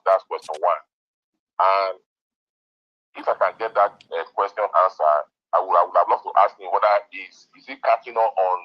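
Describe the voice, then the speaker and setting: A man calling in to a radio show, asking questions politely and hesitantly. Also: low-pitched. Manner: hesitant, polite, full of restarts. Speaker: caller. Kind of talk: phone-in question. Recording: muffled phone-in line.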